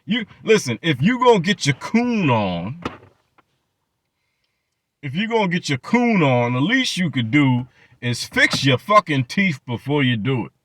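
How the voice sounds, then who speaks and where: A man's voice: fairly high pitch, very animated, a little slow, a bit bright. A man hosting his channel, ranting in profane reaction commentary and mocking people with repeated phrases. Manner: mocking, profane rants with many repetitions. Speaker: channel host.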